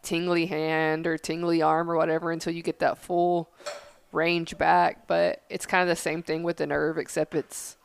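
A woman's voice: low-pitched, flat delivery, normal speed, creaky, clear, resonant tone. A woman co-hosting a podcast who explains things in an earnest, chatty way. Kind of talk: casual chat.

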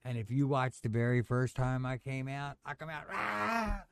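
Animated storytelling man, dry close mic. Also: normal speed, clear, resonant tone, no echo. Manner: animated, acts out quotes with loud high yelps. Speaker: guest. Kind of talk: casual storytelling.

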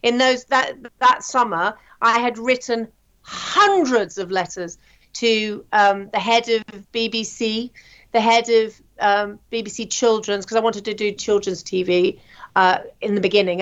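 A woman, a TV presenter, telling her career story in a chatty, animated way with plenty of ums. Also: fairly high pitch, highs cut off. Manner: chatty, animated anecdotes with frequent fillers. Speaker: guest, TV presenter. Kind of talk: interview storytelling.

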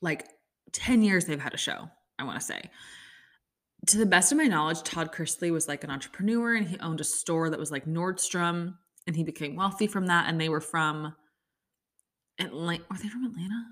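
A podcast host, a woman in her thirties, rants casually to regular listeners in a chatty, sarcastic way packed with "like" and other fillers, dealing with an upset stomach. Her voice is on the low side and a bit bright, at a moderate pace.

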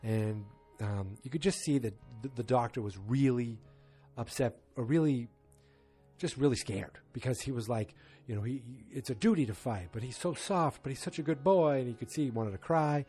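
Man, relaxed mellow tone, loose rambling recap of a show, halting and casual. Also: mid-range voice, slightly rough, faint music behind. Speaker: TV episode recapper. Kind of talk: casual spoken episode recap.

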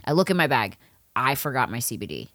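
A woman's voice: a bass voice, very animated, quick pace, fairly bright tone, no echo, studio quality. A woman co-hosting a podcast, telling a story in casual chat, swearing a lot and acting out the people in it. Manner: swearing, storytelling with voiced reenactments. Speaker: podcast co-host.

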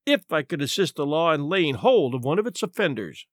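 A man's voice: sits high, very animated, moderate pace, a bit bright, no room sound, studio quality. Male reader as haughty derelict, lofty and sneering, storybook reading. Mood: disdainful. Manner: prim, lofty, scornful.

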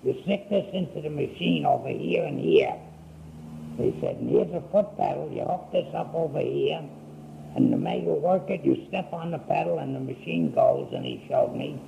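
A man's voice: a little high, animated, gravelly, dark tone, a little hiss or hum, poor audio. An older man telling his life story in a folksy, rambling way, acting out what people said. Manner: folksy, unhurried, acts out quoted speech.

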